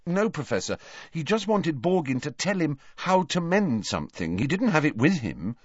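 A man's voice: fairly high pitch, sing-song, normal speed, husky, dry recording, pitched above the performer's own voice. A man voicing an urgent, earnest teenage boy in a storybook reading, on a dull, dry recording. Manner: urgent, angry.

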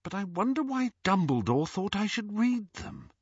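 A man's voice: high voice, sing-song, moderate pace, breathy edge, no echo, voice pushed up, heavily acted. Harry, a man doing an earnest teenage boy. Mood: puzzled. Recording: dull lo-fi audiobook recording.

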